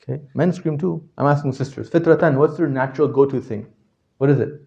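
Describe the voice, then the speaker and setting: A man teaching a class, constantly asking his listeners questions and checking that they understand, his voice jumping from loud to quiet. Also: on the high side, brisk, creaky, dull audio. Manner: animated, swings from loud to quiet. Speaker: religious teacher. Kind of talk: interactive lecture to a class.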